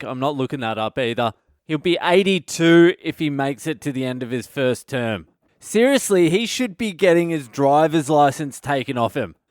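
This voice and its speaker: A man's voice: a little high, no room sound, clean studio sound. An Australian man, a comedian hosting his own podcast, delivering a crude, swearing comedic rant. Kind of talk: comedic monologue.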